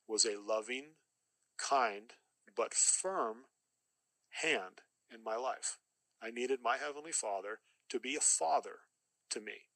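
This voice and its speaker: A man's voice: medium pitch, bright, forceful tone, no echo, poor audio. A middle-aged man giving an earnest, emphatic personal testimony as a podcast guest, often repeating phrases for weight.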